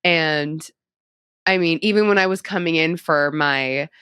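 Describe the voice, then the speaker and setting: Low-voiced, chatty young woman. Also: a little slow, fairly bright tone, smooth, no room sound, studio quality. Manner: chatty, upbeat, heavy use of "like" and "um". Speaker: guest. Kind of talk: casual interview. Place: cosmetic surgery clinic.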